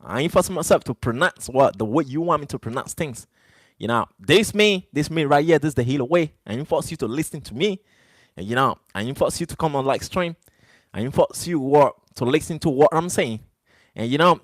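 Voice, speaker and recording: Male streamer, non-native English speaker, defiant live rant to chat, pitched a bit high and very animated, dry close sound. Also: fairly quick, no echo. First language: not English. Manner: defiant, repeats "brother" and "you know". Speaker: livestreamer.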